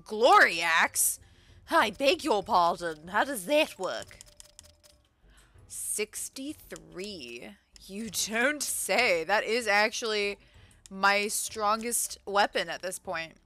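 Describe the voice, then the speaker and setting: A woman streaming a video game, chatting casually, laughing often and reacting excitedly to what she finds. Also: mid-range voice, slow, no room sound. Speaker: gaming streamer. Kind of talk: casual let's-play commentary.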